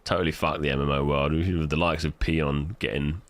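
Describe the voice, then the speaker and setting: A British man streaming live, chatting casually and telling stories in a profane, animated way. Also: extremely low pitch, a little fast. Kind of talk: casual livestream chat.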